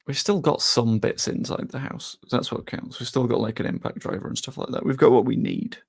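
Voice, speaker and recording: A man's voice: mid-range voice, fairly quick, creaky, husky. A man chatting casually on a live stream, rambling a little and answering viewers' messages. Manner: rambling, reads chat aloud and answers it.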